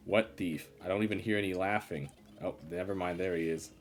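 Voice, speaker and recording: A man's voice: low voice, fairly quick, a bit bright. A man streaming live gameplay commentary, grumbling in an exasperated, sarcastic way.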